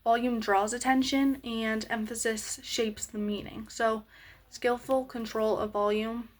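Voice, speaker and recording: A woman explaining a lesson on voice slowly, with many pauses and fillers. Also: on the high side, level tone, a little hiss or hum.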